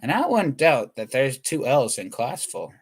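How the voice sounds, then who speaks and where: Rambling man, mid-pitched voice. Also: wildly swooping pitch, unhurried, husky. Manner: scattered, self-interrupting, restarts thoughts mid-sentence. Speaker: comedian. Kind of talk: rambling comedic monologue.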